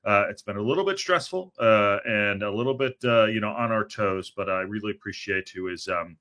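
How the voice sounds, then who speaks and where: Tired, bright-voiced man hosting a livestream. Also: lowish voice, fairly quick. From Southern California. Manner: hesitant, many fillers, reads chat aloud. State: tired, low energy. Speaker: host of a football news livestream. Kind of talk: casual livestream chat.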